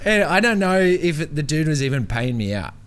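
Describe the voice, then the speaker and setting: A man's voice: on the high side, very animated, fairly quick, fairly bright tone, clear, resonant tone. A young man, a professional surfer, chatting as a podcast guest with a laid-back string of "yeah" and "like". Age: young adult. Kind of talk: casual chat.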